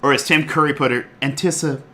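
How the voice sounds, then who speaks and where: A man streaming a card game live, chatting excitedly, laughing often and swinging from loud outbursts to quiet muttering. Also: medium pitch, moderate pace, slight background noise. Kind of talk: live gameplay commentary.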